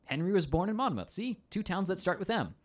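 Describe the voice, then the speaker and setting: A fussy Welsh army captain rattles on in an excited lecture, as a man puts him on. The voice jumps well above the speaker's own and gets louder, every point pressed hard. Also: high voice, slow pace, voice pushed up, heavily acted. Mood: ranting. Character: pedantic male Welsh army captain, rambling.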